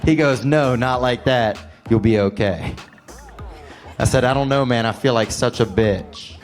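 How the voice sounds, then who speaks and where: A man's voice: medium pitch, a little slow, faint music behind. A man doing stand-up comedy, telling a rambling story with a wry delivery.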